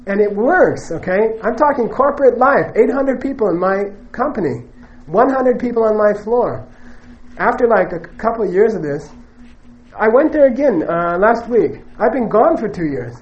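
High-voiced man teaching Buddhism. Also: animated, moderate pace, a little mellow, muffled recording. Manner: conversational, keeps checking in with "okay?" and "you know"; joking, emphatic asides. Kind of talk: dharma teaching to a live audience.

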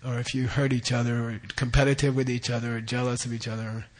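A middle-aged man gives a dharma teaching in a relaxed, explanatory way. He repeats key words and keeps checking that listeners follow. His voice sits at an average pitch for a man. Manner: explains terms slowly, repeats words, asks "okay?". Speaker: Buddhist teacher.

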